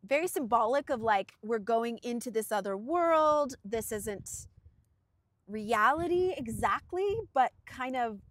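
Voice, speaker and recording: A woman's voice: fairly high pitch, unhurried. A woman in her thirties co-hosting a casual podcast, telling stories animatedly and acting out what people said. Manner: animated storyteller, acts out quotes in shifting voices. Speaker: podcast co-host. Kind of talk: casual chat.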